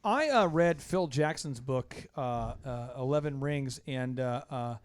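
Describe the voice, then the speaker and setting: A male podcast host chatting casually in a home basement room with concrete floors, talking with energy and rattling off long rapid lists. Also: medium pitch, expressive, clear, resonant tone. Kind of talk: casual interview chat.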